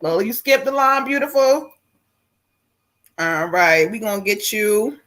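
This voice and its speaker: Animated, bright-voiced woman live-stream host. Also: medium pitch, a little slow. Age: middle-aged. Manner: lively, loud exclamations and laughter. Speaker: host and psychic medium.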